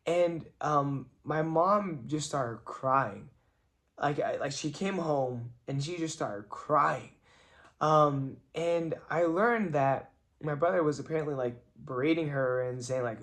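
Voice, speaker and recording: A man's voice: fairly high pitch, moderate pace, fairly bright tone. A young man vlogging, telling a family story in an earnest, reflective way and filling his talk with "like". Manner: chatty, many "like" fillers, earnest and reflective. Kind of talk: casual storytelling vlog.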